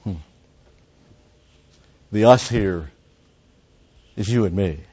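A low-pitched pastor works through scripture verse by verse, slowing down and rising in pitch to stress key words. The recording sounds slightly muffled. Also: male voice, warm tone, slightly rough. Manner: deliberate, pausing, with emphatic rises. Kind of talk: expository sermon.

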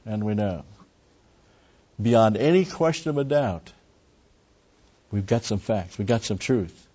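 This man's voice is lowish, warm, slightly rough, and expressive, moving at a slow pace. He teaches a Bible study, parsing words carefully and repeating key phrases with emphasis. The recording sounds dull and lo-fi.

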